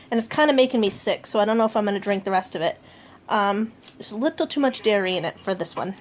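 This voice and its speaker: A woman rambling casually through a home food diary vlog, often pausing with fillers and correcting herself. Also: mid-range voice. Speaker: vlogger.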